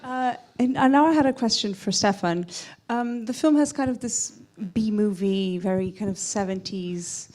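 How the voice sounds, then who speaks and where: A woman at mid pitch moderating a festival panel. Her questions wind on, with lots of ums and restarts. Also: moderate pace, hardly any pauses, a little mellow. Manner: rambling questions with many fillers. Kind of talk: interview questions.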